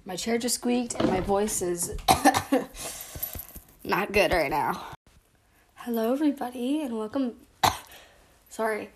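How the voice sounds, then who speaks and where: A woman's voice: fairly high pitch, expressive, slow, pauses often, background noise. Giggly young woman podcast host. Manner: giggly, restarts intros often. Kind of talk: casual podcast chat, blooper takes.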